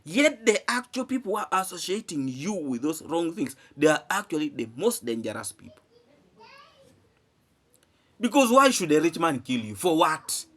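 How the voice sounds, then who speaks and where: Male vlogger, emphatic and repetitive, voice swinging up and down in pitch. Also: big pitch swings, normal speed, fairly bright tone. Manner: emphatic, repeats phrases, asks rhetorical questions. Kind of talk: animated commentary to camera.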